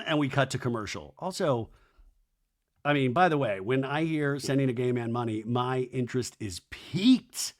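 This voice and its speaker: Campy gossiping man with a lively voice. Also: mid-range voice, moderate pace. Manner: campy, gossipy, acts out cast members' lines in silly voices. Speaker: podcast host. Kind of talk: comedic reality TV recap.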